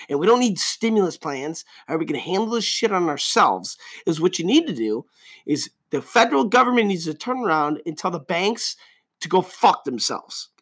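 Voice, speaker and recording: Ranting, profane male podcast host. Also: slightly rough. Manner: angry, profane, swings between loud outbursts and low mutters.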